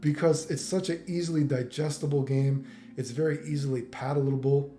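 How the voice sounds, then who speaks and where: A man's voice: on the high side, fairly even intonation, moderate pace, warm tone. A man hosting a fighting game video, talking in a rambling, profane casual monologue. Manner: rambling, profane, many "you know what I mean". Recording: echoey room with faint music.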